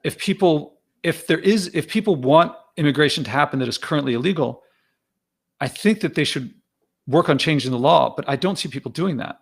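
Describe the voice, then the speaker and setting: Hesitant man with a gravelly voice. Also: fairly high pitch, expressive, brisk. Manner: hesitant, circling. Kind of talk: casual discussion.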